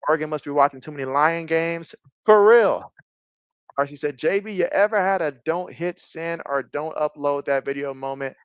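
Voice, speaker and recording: A man doing casual live-stream play-by-play, reading viewer comments aloud, with bursts of excitement on big plays. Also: on the high side, clean tone, dry recording, dull audio.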